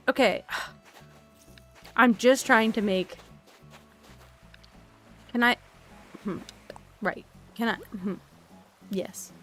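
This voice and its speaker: Tired woman, relaxed streamer chat, soft-spoken, rambling, thinking out loud, mid-pitched voice, faint music behind. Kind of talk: relaxed casual chat while playing a game.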